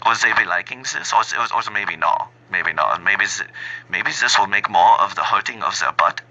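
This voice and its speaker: A man putting on a bumbling, halting German accent, playing an overly polite German man who keeps searching for his words. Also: on the low side, lively intonation, sharp tone, highs cut off, full character voice. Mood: mocking. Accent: put-on German.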